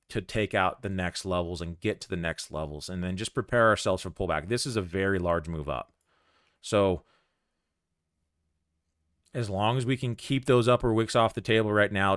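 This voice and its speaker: Low, smooth-voiced man talking through trades. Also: no echo, clean studio sound. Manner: thinking aloud, calm and conversational. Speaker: day trader narrating a live trade. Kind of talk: live trading commentary.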